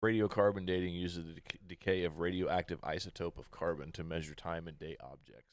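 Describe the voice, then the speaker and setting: A man's voice: low-pitched, fairly even intonation, a little fast, dry recording, clean studio sound. A man with a Midwestern American accent co-hosting a casual podcast, reading history facts in a loose way and swearing freely. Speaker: podcast co-host.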